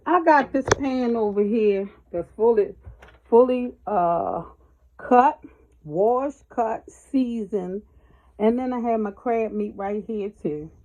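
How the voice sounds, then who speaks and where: A woman's voice: fairly high pitch, slow pace, darkish tone. Chatty woman cooking, calling viewers y'all. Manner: chatty, folksy, calls viewers y'all and baby. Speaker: home cook hosting a cooking video. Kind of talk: casual cooking tutorial. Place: home kitchen. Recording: dull lo-fi home video sound with faint noise.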